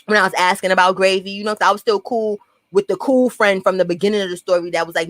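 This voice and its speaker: A young woman with a New York accent telling a profane, animated storytime and acting out what people said. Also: mid-range voice, fast talker, dry recording. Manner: profane, animated, acts out quotes. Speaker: storyteller vlogger. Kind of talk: casual storytime monologue.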